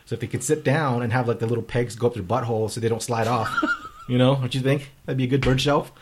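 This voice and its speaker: A man's voice: mid-range voice, quick pace, noisy background. A man co-hosting a podcast, rambling and joking crudely in casual banter. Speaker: podcast co-host.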